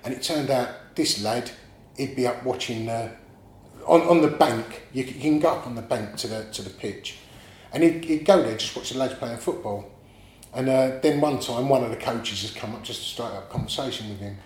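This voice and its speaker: A man, a guest telling animated stories in casual chat, often laughing and swearing. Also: mid-range voice, moderate pace. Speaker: guest artist. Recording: echoey room, faint background noise.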